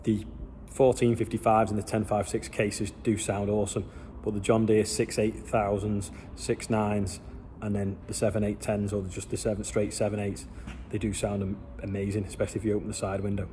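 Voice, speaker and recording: A man's voice: fairly low pitch, a little hiss or hum. Chatty farmer man vlogging outdoors. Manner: chatty, rambling, asks viewers questions. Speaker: farm vlogger. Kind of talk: casual vlog to viewers. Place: outdoors on a farm.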